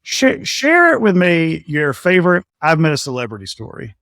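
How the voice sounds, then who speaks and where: Guy host cracking jokes, pitch jumps around a lot, dry sound. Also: wildly swooping pitch, normal speed, gravelly, fairly bright tone, dry recording. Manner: joking, teasing, wry asides. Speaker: podcast host. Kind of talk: casual chat.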